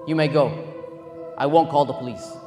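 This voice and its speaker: A man voicing a calm, forgiving male shopkeeper in a retold story. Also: on the high side, moderate pace, natural voice. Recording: long hall reverb, faint music.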